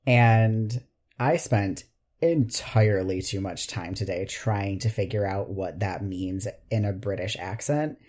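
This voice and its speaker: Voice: low-pitched, unhurried, a little mellow. A podcast co-host with an American accent in casual chat, talking in a wry, frank and talkative way.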